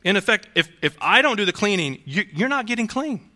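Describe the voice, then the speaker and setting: Preaching to his congregation, this pastor speaks a little fast in a bright, forceful, slightly high voice with big swings in pitch. He keeps it conversational, firing off rhetorical questions and starting phrases over.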